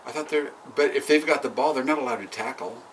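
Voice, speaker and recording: A man's voice: mid-range voice, fast, recorded from a distance, a little hiss or hum. A man co-hosting a casual chat over drinks, teasing and laughing often. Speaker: podcast co-host.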